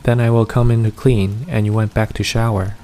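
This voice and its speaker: A man voicing a polite elderly female hotel cleaner with a Japanese accent, speaking in a raised, halting way. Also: lowish voice, little pitch movement, warm tone, soft background music, lightly acted.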